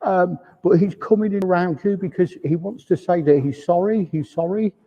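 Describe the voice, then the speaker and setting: A man's voice: high voice, moderate pace, warm tone. A man acting as a medium at a service, passing on spirit messages and often saying "he says". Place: large village hall. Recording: reverberant hall, dull lo-fi sound.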